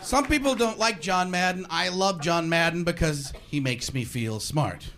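A man doing a ranting, animated stand-up comedy set on a live stage. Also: on the high side, normal speed. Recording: live club with audience noise.

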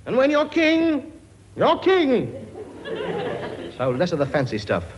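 A man's voice: very high voice, wildly swooping pitch, slow, dull audio, noisy background, heavily acted. A man playing a brash, bossy working-class king in a radio comedy sketch. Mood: pompous, scolding. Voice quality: blunt, bossy, cheeky. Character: brash working-class king bossing his many children.

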